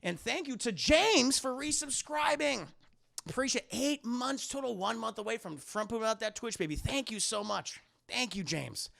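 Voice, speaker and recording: A man giving casual livestream film commentary, animated and profane, laughing often. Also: very high-pitched, moderate pace, creaky. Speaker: live-streaming film reviewer.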